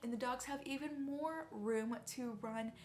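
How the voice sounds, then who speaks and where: A woman's voice: on the high side, measured pace, darkish tone, slight background noise. A young woman telling a personal story in a chatty, rambling way, sincere and emotional at times. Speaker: vlogger.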